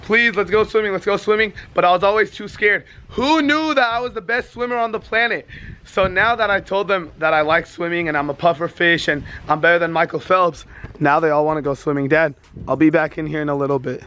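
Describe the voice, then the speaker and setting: A young man in his twenties with a hoarse, worn-out voice, chatting casually and joking to his vlog audience. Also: a little high, a little fast, roomy sound. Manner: excitable, joking. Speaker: vlogger.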